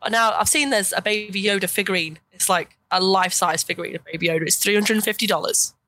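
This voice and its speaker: A young woman in casual chat, animated and quick to laugh. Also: mid-range voice. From United Kingdom.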